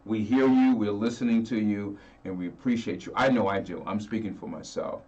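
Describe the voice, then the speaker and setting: A man, a singer as a guest, talking earnestly and warmly about his fans. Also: fairly low pitch, fairly quick, distant mic, lo-fi sound. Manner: earnest, heartfelt, laughs easily. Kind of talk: casual interview chat.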